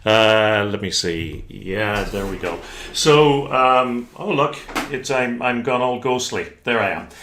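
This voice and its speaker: A man's voice: on the low side, slow, hardly any pauses, a bit bright, slight background noise. A man hosting a live online session, wrapping up politely with an eye on the time. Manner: courteous, time-conscious, a few fillers. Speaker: host.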